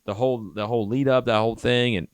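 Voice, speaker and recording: A man's voice: mid-range voice, steady tone, quick pace, clean tone, dry recording. A man co-hosting a podcast, talking loosely through a fight breakdown, his voice worn down from screaming. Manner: laid-back, filler-heavy, 'like' and 'dude'. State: losing his voice. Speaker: podcast co-host. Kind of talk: casual fight breakdown chat.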